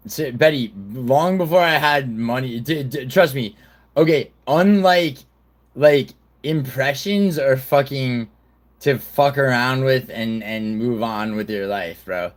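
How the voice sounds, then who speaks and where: A man's voice: mid-range voice, measured pace. A man hosting a casual livestream, rambling and swearing, full of fillers and restarts. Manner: reads news reports aloud. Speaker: livestream host.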